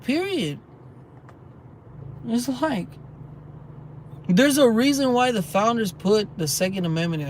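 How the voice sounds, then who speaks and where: Heated male night-walk vlogger, high-pitched, phone mic, faint traffic behind. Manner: heated, ranting, reads viewer comments aloud. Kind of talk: rambling walking vlog. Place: outdoors at night, walking near traffic.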